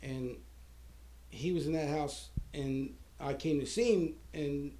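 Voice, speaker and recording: Man, high register, casual swear-heavy anecdote, acts out the people in it. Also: slow pace, mellow, a little hiss or hum. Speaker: storyteller.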